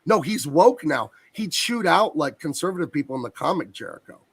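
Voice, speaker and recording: A man's voice: on the high side, sing-song, a little fast, gravelly, a bit bright, breathy edge, no room sound. A man who colors comics, talking enthusiastically and at length about his work as a guest on a video call. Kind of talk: casual interview chat.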